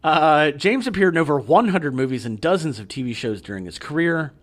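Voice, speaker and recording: A man's voice: on the high side, expressive, a little fast. A middle-aged man co-hosting a podcast, reading out film trivia in casual chat with light fillers and easy laughs. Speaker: podcast co-host.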